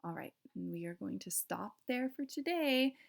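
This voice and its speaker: A woman's voice: medium pitch, a little slow, vocal fry. A woman teacher reading a novel aloud to her class, with short explaining asides. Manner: steady storytelling with classroom asides.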